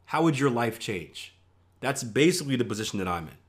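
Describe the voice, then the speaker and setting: A man's voice: mid-range voice, expressive, brisk. A man who is a professional trader, walking viewers through trading results in a casual, conversational lesson. He repeats words, tosses in "right?" constantly, and makes playful boastful asides. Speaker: trading instructor. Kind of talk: screen-share trading lesson.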